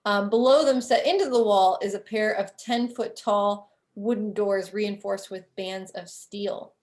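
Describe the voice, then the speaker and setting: Woman running a tabletop game, slow, lots of ums, easygoing. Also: mid-range voice. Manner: relaxed, rambling description full of fillers. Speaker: game master.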